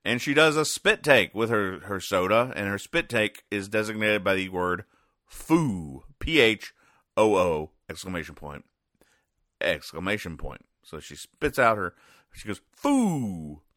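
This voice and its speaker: A man hosting a podcast, recapping comic strips in a dry, sarcastic, deadpan way. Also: lowish voice, unhurried, no room sound. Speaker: podcast host.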